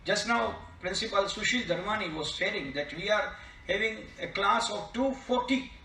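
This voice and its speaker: A man's voice: sits high, moderate pace, sharp tone, a little hiss or hum. Emphatic Gujarati-accented man in echoey hall. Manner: emphatic, stresses single words and asks rhetorical questions. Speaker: keynote speaker. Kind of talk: formal lecture. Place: college seminar hall. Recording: echoey hall, distant mic.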